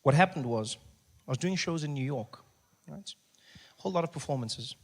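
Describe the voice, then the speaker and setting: Animated stand-up comedian, man. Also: on the high side, a little fast. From South Africa. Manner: animated, shifting between a hushed soft voice and loud bursts. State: recovering from voice loss.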